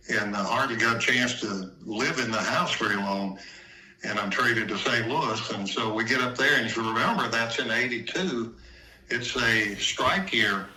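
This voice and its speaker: A man's voice: fairly low pitch, sharp tone. An older man, a retired football player, telling folksy stories in an interview and retelling old talks as quoted dialogue. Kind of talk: anecdotal storytelling in conversation. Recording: roomy echo, distant from mic.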